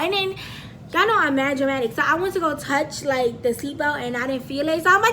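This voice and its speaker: A woman's voice: high voice, a little fast, slight background noise. A young woman vlogger telling a story in a casual, dramatic way, acting out the quotes and swearing often. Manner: animated, dramatic retelling with acted-out quotes; slangy, frequent swearing.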